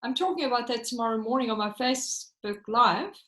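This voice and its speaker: A woman's voice: fairly high pitch, lively intonation, fairly quick, fairly bright tone, reverberant, rough recording. A woman hosting a casual faith chat, listening encouragingly and laughing often. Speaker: podcast host.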